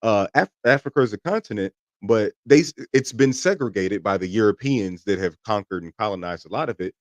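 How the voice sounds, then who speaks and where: A man co-hosting a casual podcast discussion, talking in an animated, emphatic way and swearing freely. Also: fairly low pitch, brisk, no room sound. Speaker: podcast co-host.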